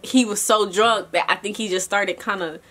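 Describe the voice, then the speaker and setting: A young adult woman vlogger telling a casual story, animated and chatty, talking straight to her viewers. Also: medium pitch, normal speed.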